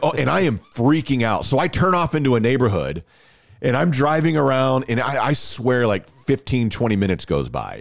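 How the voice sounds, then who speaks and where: A man, hosting a podcast and telling a story in a casual, animated way, laughing often and restarting phrases. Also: medium pitch, creaky, no echo, clean studio sound. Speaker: podcast host.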